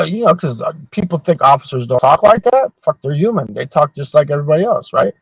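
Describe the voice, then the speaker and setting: On a dull, dry recording without echo, a man in his sixties hosts a podcast and chats casually, telling long anecdotes laced with swearing that ramble along. His voice is fairly high and breathy-edged, sing-song in its delivery, and he talks fast.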